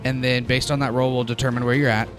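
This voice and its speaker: A man's voice: mid-range voice, level tone, fast talker. A man narrating and running a tabletop game in a casual, laughing manner. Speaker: game master. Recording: background music. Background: music.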